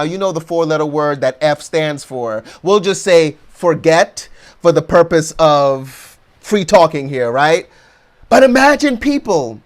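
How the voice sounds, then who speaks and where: A man preaching a motivational sermon, swinging between loud affirmations and soft, low asides and often checking in with "right?".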